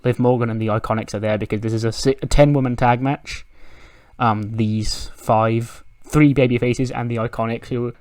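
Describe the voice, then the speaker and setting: A man's voice: mid-range voice, fairly even intonation, normal speed, darkish tone, no room sound. Chatty man recapping a game. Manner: chatty and loose, swears casually. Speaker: game video creator. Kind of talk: casual recap of a simulation game.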